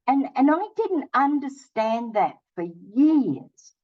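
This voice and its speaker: Slow and high-voiced, with big swings in pitch, an older woman narrates a personal story on her own channel. She keeps it casual and performs both sides of each conversation, while the recording's highs are cut off.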